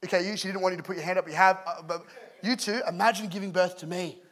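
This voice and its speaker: Bright, high-voiced joking male pastor. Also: quick pace, a little hiss or hum. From England. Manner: joking, animated storyteller. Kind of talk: humorous sermon.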